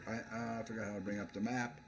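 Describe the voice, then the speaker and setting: A man's voice: fairly low pitch, little pitch movement, fast talker, vocal fry, background noise. A man playing a video game and commenting as he goes, laughing often and stammering through fillers. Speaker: let's play host. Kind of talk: gameplay commentary.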